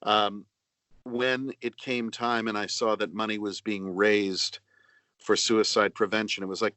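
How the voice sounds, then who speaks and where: Middle-aged man, low voice, dry close sound; earnest, measured interview guest on a video call. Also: steady tone, bright, forceful tone, no echo. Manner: earnest, measured, with many pauses and fillers. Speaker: actor and audiobook narrator, interview guest. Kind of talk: reflective interview answers.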